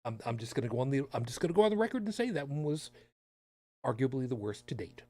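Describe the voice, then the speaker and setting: A man's voice: mid-range voice, sing-song, fast, mellow. A man hosting a podcast in casual chat, talking with sarcastic, rambling asides. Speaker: podcast host.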